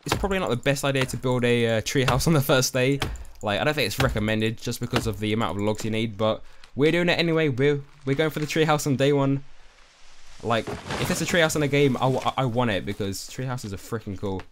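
A young man giving excitable let's-play commentary, easily spooked and talking to his viewers. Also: mid-range voice, brisk, background noise. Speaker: gaming YouTuber.

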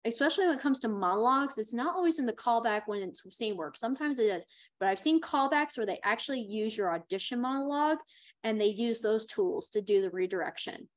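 Chatty woman acting coach, fairly high voice. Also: fast talker. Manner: chatty, encouraging, expressive. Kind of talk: workshop talk on auditions.

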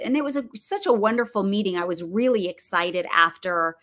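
A woman's voice: mid-range voice, lively intonation, brisk, a bit bright. A middle-aged woman talking casually as an interview guest, chatty, with frequent fillers, restarts and laughs. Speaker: guest actress and producer.

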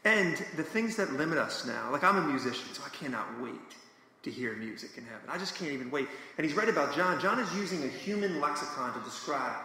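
A man's voice: a little high, animated, fast talker, pushed and bright. A man on a live panel discussion who is also a musician, speaking earnestly and enthusiastically, with emphatic asides. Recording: echoey live hall with faint noise.

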